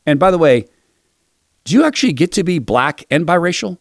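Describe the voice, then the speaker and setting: A man's voice: a little high, very animated, brisk, vocal fry, no room sound. Sarcastic male political commentator, dry sound. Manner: sarcastic, mocking. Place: Seattle area.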